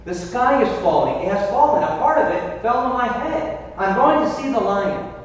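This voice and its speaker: A man putting on a frantic little female chick, shrill and breathless with alarm, her high cries ringing through a big echoey church. The sound comes from well back from the mic, in a long, hall-like reverb. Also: animated, moderate pace, distant mic. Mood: panicked.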